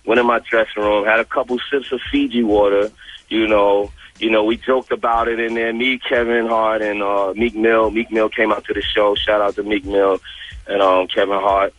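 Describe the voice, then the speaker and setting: A man's voice: fairly low pitch, normal speed, muffled recording. A man who is a guest on a radio interview, telling a story in casual slang and acting out the dialogue. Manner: animated, acts out the dialogue, profane slang.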